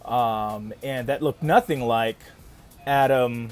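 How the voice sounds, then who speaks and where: A man hosting a podcast, talking in an animated, emphatic way and affirming others often. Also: mid-range voice, normal speed. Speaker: podcast host. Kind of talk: podcast conversation.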